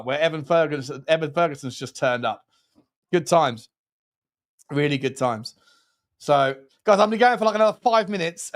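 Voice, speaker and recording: A man's voice: a little high, smooth. Give me a man hosting a football channel, rambling and joking through a casual livestream chat. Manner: rambling and jokey, lots of restarts.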